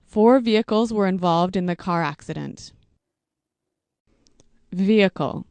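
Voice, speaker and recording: A woman reads vocabulary words and example sentences for learners, taking each one slowly and deliberately. Her voice sits at a middle pitch and sounds close and dry, with no room around it. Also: gravelly, a little mellow, clear, resonant tone, no echo. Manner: slow, deliberate, evenly paced reading. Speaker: English teacher.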